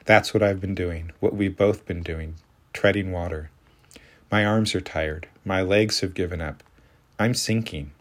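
A man with a deep voice reading the part of a weary, blunt woman in her thirties in an audiobook, raising his voice and speaking with forceful exasperation. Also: fairly even intonation, measured pace.

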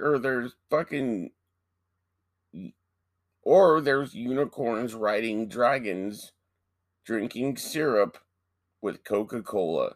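A man co-hosting a casual podcast, telling stories in a profane, animated way. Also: on the low side, takes it slowly, no echo. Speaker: podcast co-host. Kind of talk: casual chat.

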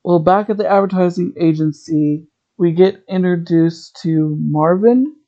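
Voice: mid-range voice, unhurried, warm tone, muffled recording. A podcast host recapping a TV episode in a chatty, rambling way, drifting into tangents.

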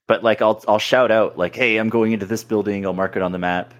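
A man's voice: fairly low pitch, fairly even intonation, fairly quick. A man in casual podcast banter, teasing his friends and laughing as he talks. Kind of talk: casual chat.

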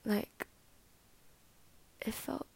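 A young woman musing in a soft, often half-whispered way, sharing personal reflections in a casual vlog. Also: drawn-out words. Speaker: vlogger.

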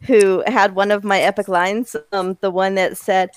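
A woman's voice: medium pitch, level tone, normal speed, clean tone, no echo, studio quality. A woman co-hosting a podcast, easygoing and sharing horror film trivia. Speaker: podcast co-host. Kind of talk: casual chat about a horror film.

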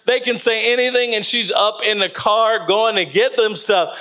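A man preaching a sermon as pastor, telling lively stories with laughter and then slowing into earnest exhortation. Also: extremely high pitch.

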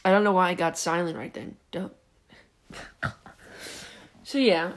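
Slow, lively young man spinning a tale. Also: high voice. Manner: giggly, digressive, self-interrupting. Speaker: podcast host. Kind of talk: rambling storytelling.

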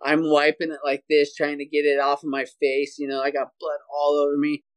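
A man talking as a podcast guest, telling a story in an animated, energetic way and saying "dude" often, over a video call. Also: fairly high pitch, brisk. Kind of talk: casual storytelling interview.

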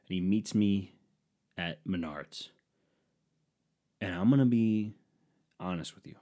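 Man, comedic storytelling, rambling, profane, self-deprecating, low-pitched, warm mellow tone.

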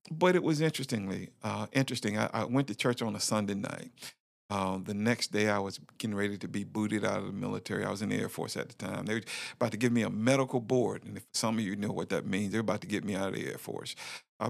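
A man's voice: medium pitch, fast talker, creaky, no echo, studio quality. A middle-aged man hosting a podcast, telling his personal testimony in a candid, preacher-like way with fillers and repeats. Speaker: podcast host. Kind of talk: personal testimony, motivational talk.

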